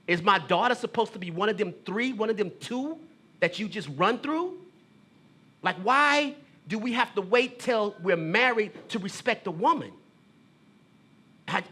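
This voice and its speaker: A man's voice: sits high, pushed and bright. A man performing a theatrical monologue, talking casually to his brother with lots of "bro" and "man", confessional and emotional. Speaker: theater artist and poet.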